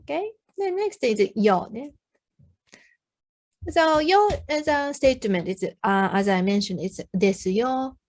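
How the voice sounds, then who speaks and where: Japanese-accented woman teaching, fairly high voice. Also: lively intonation, darkish tone. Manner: explains slowly in simple English with many ums, models phrases for repeating. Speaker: Japanese tutor. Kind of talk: online language lesson.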